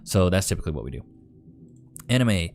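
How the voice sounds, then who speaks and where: Low-voiced Texan man chatting on stream. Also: sing-song, fairly quick, darkish tone, a little hiss or hum. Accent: Texan Southern. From Northeast Texas. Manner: laid-back, drawling, reads viewer comments aloud. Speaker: streamer reading chat. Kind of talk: casual live-stream chat. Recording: faint music in background.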